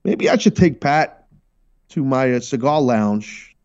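A man hosting a sports talk show, brash and animated, teasing his crew as he talks. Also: medium pitch, slow pace, clean tone, lo-fi sound. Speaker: radio show host.

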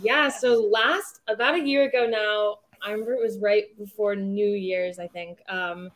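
A woman's voice: mid-range voice, fairly even intonation, moderate pace. Chatty young woman telling a story. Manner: enthusiastic, rambling storytelling. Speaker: singer, interview guest. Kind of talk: casual interview chat.

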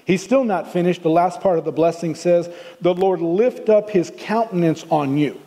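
In a large hall, an older Southern pastor with a high, mellow voice and a Southern accent preaches at a moderate pace. His sermon is earnest and conversational, full of restarts.

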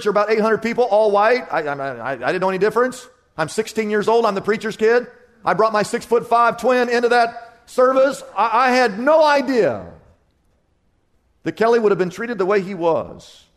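A pastor from Kansas with a high voice preaches a sermon full of vivid storytelling, dropping to a hushed tone at key moments.

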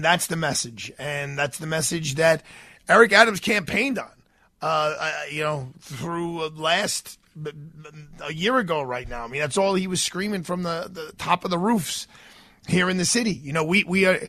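Earnest New York talk radio host. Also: male voice, fairly high pitch, normal speed, sharp tone, no echo, studio quality. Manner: earnest, rambling, frequent restarts. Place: radio studio.

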